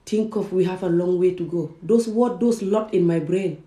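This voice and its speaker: A woman's voice: on the low side, normal speed, dark tone. A woman from Gambia and Senegal giving an emphatic personal vlog monologue, repeating words for stress. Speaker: vlogger. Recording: roomy echo.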